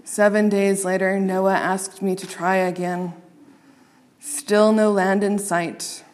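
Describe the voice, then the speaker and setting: A woman reading a children's story aloud, expressive and playing up the sound words. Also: mid-range voice, slow pace, long reverb tail.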